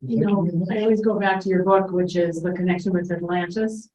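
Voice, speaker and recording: A woman's voice: fairly low pitch, steady tone, fairly quick, dark tone. A woman hosting a talk, chatty and enthusiastic. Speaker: host. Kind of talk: casual chat. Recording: echoey, dull lo-fi sound.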